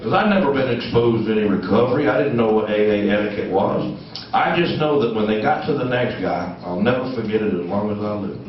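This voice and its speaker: A man's voice: on the low side, fairly quick, a little hiss or hum. A middle-aged man, telling his recovery story to an audience in a folksy, humorous way. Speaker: recovery speaker. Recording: distant echoey hall recording, dull.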